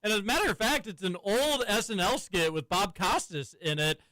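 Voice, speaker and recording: A man's voice: sits high, a little fast, sharp tone, no echo. A man co-hosting a radio show, chatting casually and laughing often. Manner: laughs often, stumbles over restarts. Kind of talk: casual studio chat.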